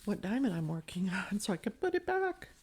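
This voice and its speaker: Very animated and brisk, a medium-pitched woman with a darkish tone chats over slight background noise. She's doing a diamond painting for her crafting vlog, rambling along and mocking herself.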